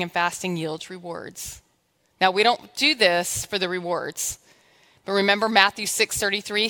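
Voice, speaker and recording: A woman's voice: mid-range voice, pushed and bright. A woman pastor giving a conversational, humorous sermon in church, exhorting her congregation.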